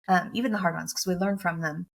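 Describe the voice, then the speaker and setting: A woman's voice: fairly low pitch, steady tone, fast, gravelly. Earnest woman telling a heartfelt story. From United States. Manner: earnest and emotional, repeating key phrases. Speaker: guest, motivational speaker and coach. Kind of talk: heartfelt personal storytelling in an interview.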